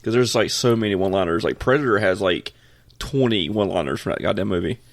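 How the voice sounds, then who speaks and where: A man's voice: lowish voice, fast talker, creaky, dry recording. A young man co-hosting a casual podcast chat, laughing often as he leads a ranking game. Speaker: podcast co-host.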